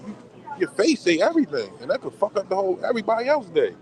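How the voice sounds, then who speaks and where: A man chiming into a casual livestream as a guest. His voice sits high and he talks at a rapid clip, animated and full of repeated filler questions. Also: crowd noise.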